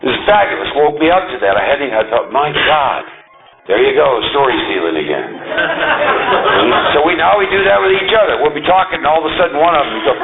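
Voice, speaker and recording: A man giving a talk to a recovery group, emphatic and animated, often checking in with the audience. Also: fairly high pitch, fast talker, gravelly, narrow, tinny audio, loud music behind the voice. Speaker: recovery meeting speaker.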